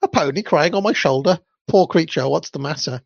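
Man playing a fussing storybook mother, flustered, exclaiming, gravelly, dull dry lo-fi sound. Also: fairly high pitch, brisk, no room sound. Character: kindly fussing mother of a little girl.

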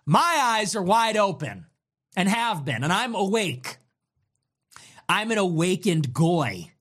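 A man hosting a livestream, ranting in a sarcastic, mocking, taunting way. He jumps between loud, high outbursts and low grumbles. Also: very animated, slow. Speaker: livestream host.

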